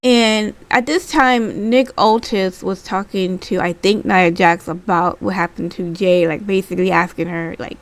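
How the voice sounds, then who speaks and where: A woman's voice: medium pitch, unhurried, few pauses. A woman recapping wrestling in a casual, rambling way, with lots of fillers and restarts. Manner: acts out quotes in a lively voice.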